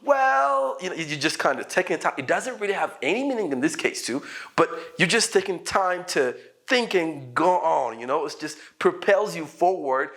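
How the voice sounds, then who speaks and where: Male English teacher, animated and playful, slightly high, very lively intonation. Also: normal speed. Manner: animated and playful, acts out sample dialogues. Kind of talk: casual online English lesson.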